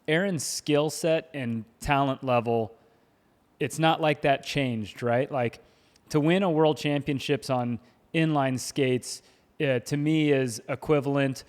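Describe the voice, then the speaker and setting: A middle-aged man co-hosting a podcast in casual chat, animated, laughing often and stumbling over his first words. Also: medium pitch, clear, resonant tone. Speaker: podcast co-host. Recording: long hall reverb.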